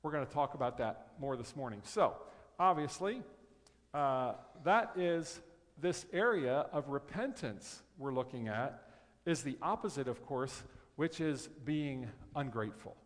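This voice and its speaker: A man preaching a conversational sermon as pastor, reading scripture aloud in slow, careful phrases. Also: mid-range voice, expressive. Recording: long hall reverb.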